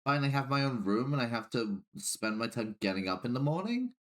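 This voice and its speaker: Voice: mid-range voice, big pitch swings, fairly quick. A tabletop game player chatting casually and playfully, cracking jokes. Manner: playful, joking.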